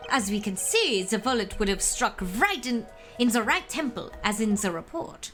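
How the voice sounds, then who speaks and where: A woman's voice: a little high, big pitch swings, normal speed, fairly bright tone, faint music behind. A woman voicing a pompous young male college student witness who boasts in a haughty, theatrical way. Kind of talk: reading a game's dialogue aloud on a live stream.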